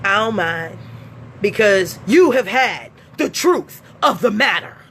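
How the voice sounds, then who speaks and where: Blunt, profane woman with a bright voice. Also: mid-range voice, animated, takes it slowly, a little hiss or hum. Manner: blunt, profane, laughs often. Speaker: vlogger. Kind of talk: casual monologue.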